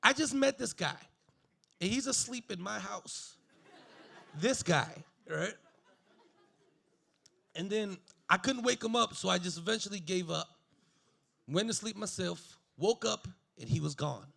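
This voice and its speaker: A young adult man doing a stand-up comedy set, animated and laughing at his own jokes. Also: high-pitched, measured pace, creaky, long pauses.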